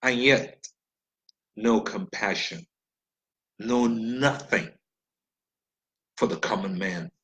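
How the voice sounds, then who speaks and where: A man's voice: on the low side, slow, long pauses, fairly bright tone, low-quality recording. A man from Nigeria delivering an impassioned, blunt monologue, swearing freely and firing off rhetorical questions. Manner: blunt, profane, ranting.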